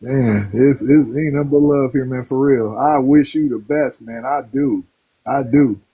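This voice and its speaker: A man co-hosting a casual chat, talking loudly and warmly in slang. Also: medium pitch, unhurried, husky. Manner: loud, friendly, slangy.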